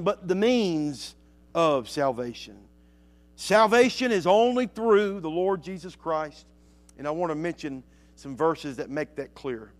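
Delivering a sermon, a somewhat high-voiced man reads scripture with slow emphasis, then drops to quiet asides between passages.

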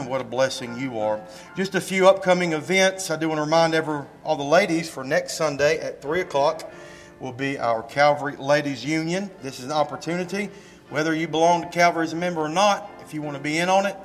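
A man, a pastor giving church announcements and telling a story in a folksy, animated way with emphatic rises, fighting a slight cough. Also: a little high, brisk, faint music behind. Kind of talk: church announcements and sermon talk. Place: church sanctuary.

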